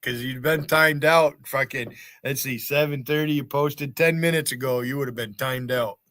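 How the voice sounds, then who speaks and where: A man's voice: medium pitch, steady tone, moderate pace, a bit bright, no room sound, studio quality. An American man hosting a livestream, taunting and swearing at people in his chat in a mocking rant. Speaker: livestream host. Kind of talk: profane rant at chat viewers.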